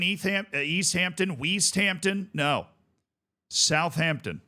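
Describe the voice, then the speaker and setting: A man's voice: high voice, expressive, takes it slowly, bright, forceful tone. A man streaming a game, chatting casually with viewers in rambling, jokey asides. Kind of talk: casual gaming stream chat.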